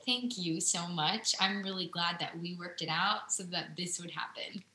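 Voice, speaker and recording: A woman's voice: lowish voice, sharp tone, reverberant, slight background noise, low-quality recording. A woman from the American Midwest with a Midwestern accent, a guest artist chatting casually, upbeat and full of "like". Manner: upbeat, fast, lots of "like" and laughs. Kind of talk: casual chat on a live stream.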